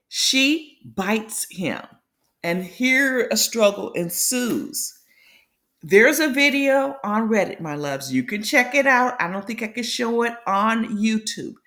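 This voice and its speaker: A woman's voice: mid-range voice, a bit bright. A woman hosting a casual commentary show, retelling reality TV drama in a chatty storytelling way and calling her viewers "my loves".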